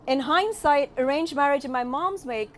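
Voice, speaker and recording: A woman comedian in her forties telling stories onstage in a high, light voice. Her British accent has been softened by years in California. She delivers wry punchlines in a steady storytelling rhythm. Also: normal speed, a little hiss or hum. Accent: British with a slight Californian tinge. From United Kingdom. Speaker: stand-up comedian. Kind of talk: stand-up comedy set.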